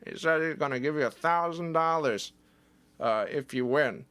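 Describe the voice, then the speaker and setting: A man's voice: fairly high pitch, expressive, normal speed, fairly bright tone, clean tone, no echo. A man doing a blunt, sarcastic senior coworker. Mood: skeptical.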